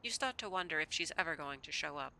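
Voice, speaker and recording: A woman's voice: low-pitched, quick pace, creaky, low-quality recording. A woman streamer reading a story game aloud and joking between passages. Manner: animated, joking commentary between read narration. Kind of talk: reading narration and chatting.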